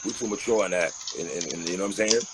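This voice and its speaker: A man's voice: sits low, quick pace. A man hosting an interview in a casual, agreeable way, chiming in often and laughing easily. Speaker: interview host. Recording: loud background noise.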